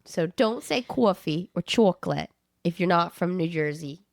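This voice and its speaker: A woman's voice: fairly low pitch, lively intonation, normal speed, gravelly, no echo, studio quality. A woman co-hosting a podcast, telling stories in a casual, jokey way and slipping into silly voices. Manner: jokey storyteller who slips into silly voices. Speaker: podcast co-host. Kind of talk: casual chat.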